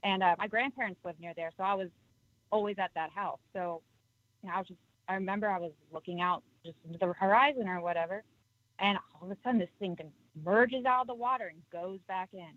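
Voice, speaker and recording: Hesitant caller on a dull line. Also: female voice, mid-range voice, fast talker, no room sound. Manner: hesitant, many ums. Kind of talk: phone-in storytelling.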